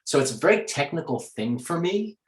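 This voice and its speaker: A male actor being interviewed who explains his craft at length in a lively conversational way. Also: fairly high pitch, fairly quick. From New York. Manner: explanatory, breaks into accent demonstrations. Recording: roomy echo.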